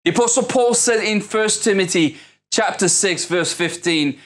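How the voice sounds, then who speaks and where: A man with a high voice for his sex, preaching a sermon as a pastor. He prays in measured phrases and drives his points home with emphatic repetition. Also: fairly bright tone. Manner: prayerful, then building into impassioned preaching.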